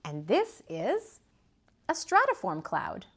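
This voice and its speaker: Slow, sing-song preschool teacher woman. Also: medium pitch, wildly swooping pitch, fairly bright tone, breathy edge. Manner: sing-song, asks children to repeat and point. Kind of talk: slow, gentle preschool lesson.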